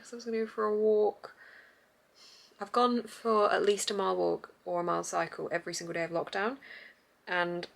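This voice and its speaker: Young woman, book vlogger; chatty, rambling, gravelly fry at phrase ends. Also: mid-range voice. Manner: chatty and rambling, laughs often. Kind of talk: casual vlog chat.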